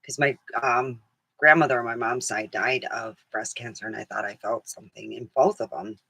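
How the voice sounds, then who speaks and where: Middle-aged woman vlogger, chatty and rambling, laughs a lot, bright voice on a dry recording. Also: rumbling low, steady tone, moderate pace, creaky, breathy edge, no room sound. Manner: chatty, laughs often, acts out quotes. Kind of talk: casual rambling chat.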